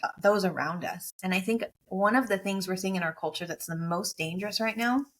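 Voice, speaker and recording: American woman coach telling her story, earnest and emotional, mid pitch, keeps repeating phrases. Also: a little fast, a bit bright. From United States. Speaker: guest, motivational speaker and coach. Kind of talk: heartfelt personal storytelling in an interview.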